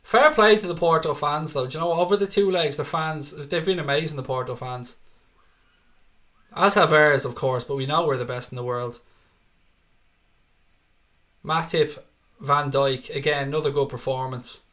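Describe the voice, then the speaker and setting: A man's voice: on the high side, normal speed, pauses often, fairly bright tone. Irish man hosting a football watchalong. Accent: Irish, Dublin. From Ireland. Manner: chatty, swears freely, reads viewer comments aloud. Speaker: livestream host. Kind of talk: live match watchalong commentary and chat.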